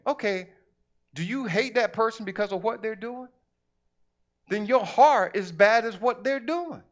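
High-voiced preacher man, conversational sermon. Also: unhurried, long pauses, dull audio. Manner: animated, conversational preaching with acted asides. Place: church.

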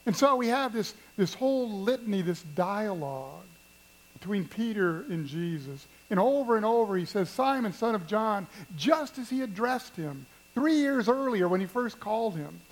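A pastor preaching a sermon at a church service, telling stories and addressing the congregation with emphasis. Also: male voice, high voice, sing-song, moderate pace, poor audio. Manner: storytelling, emphatic, speaks to the congregation.

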